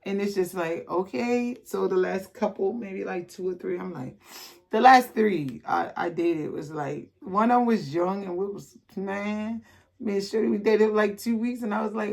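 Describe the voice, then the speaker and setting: A woman's voice: mid-range voice, normal speed, creaky, a little mellow. A woman reading tarot cards to her viewers in a loose, casual way, blunt and chatty, swearing freely and reading card messages aloud. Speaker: tarot reader.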